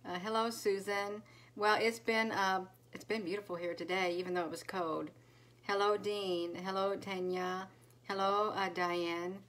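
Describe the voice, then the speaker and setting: Woman doing a slow chatty live stream, says hi to everyone by name, lots of ums. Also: medium pitch, flat delivery, fairly bright tone. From United States. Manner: greets viewers by name, slow, with fillers. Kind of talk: casual live stream chat. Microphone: phone.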